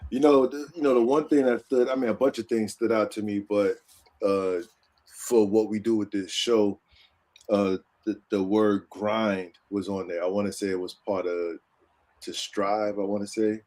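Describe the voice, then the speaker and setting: A man on a podcast panel talks in a relaxed, casual way, pausing and restarting as he gathers his thoughts. His voice sits fairly low. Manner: relaxed, hesitant, with fillers and restarts. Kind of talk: casual chat.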